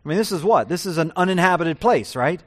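A man preaching a sermon, his voice swelling loud and high on key points and dropping low and quiet on others. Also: lively intonation, fast talker. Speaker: pastor.

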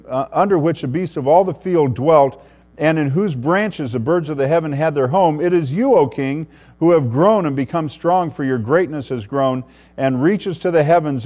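A man preaching an expository sermon, reading scripture and explaining it, who often drops to a hushed voice for emphasis. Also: a little high. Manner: preaching with wide swings in loudness, dropping to a hushed voice for emphasis. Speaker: pastor.

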